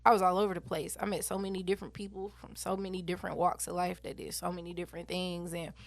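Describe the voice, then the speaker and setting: A woman in her twenties, an animated and blunt interview guest who swears freely. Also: lowish voice, fast, gravelly. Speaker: interview guest, battle rapper. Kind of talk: casual interview chat.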